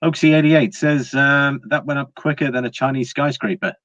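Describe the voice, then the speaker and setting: A man's voice: mid-range voice, steady tone, moderate pace, a bit bright, no room sound, dull audio. A man hosting a casual livestream, chatting to viewers, laughing often and restarting his words. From Britain. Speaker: livestream host.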